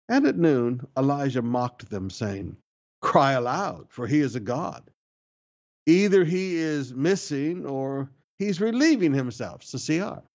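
Male pastor, mid-pitched, preaching with emphatic repetition; slightly dull recording. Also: sing-song, unhurried, a little mellow. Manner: preaching with emphatic lifts and repeated phrases. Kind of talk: sermon.

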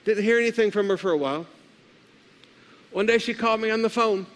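A man's voice: high voice, brisk, fairly bright tone. A male pastor preaching a sermon, leading the congregation in call-and-response. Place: church sanctuary. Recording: live with long hall reverb.

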